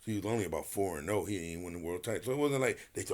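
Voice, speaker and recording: A retired boxer guesting on a podcast tells a story in an animated, profane way, acting out the quotes. His voice sits low, comes out very fast, and has vocal fry.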